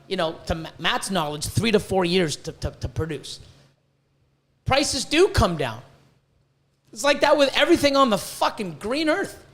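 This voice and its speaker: High-voiced man on a heated, profane rant. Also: fairly bright tone. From Canada. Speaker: podcast host and reptile breeder. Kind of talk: ranting podcast monologue.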